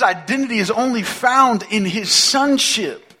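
A male pastor delivers a sermon in a loose, conversational style, turning often to the congregation with questions. His voice is bright, forceful and sits a little high for a man. He leans hard on repeated phrases to drive each point home. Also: brisk, few pauses. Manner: emphatic, repeats phrases for stress.

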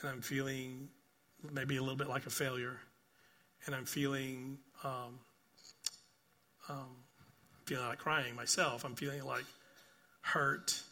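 An older pastor preaches unhurriedly in a mid-range, level voice, pausing often. He shares stories in earnest, repeats phrases, and keeps asking "right?", with emphatic bursts that give way to soft, quiet passages.

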